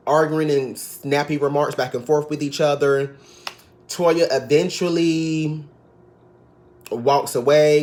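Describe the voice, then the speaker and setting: A man's voice: mid-range voice, darkish tone. A man giving a casual, sassy recap of a reality TV episode, gossiping and now and then mimicking the cast. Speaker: TV recap vlogger.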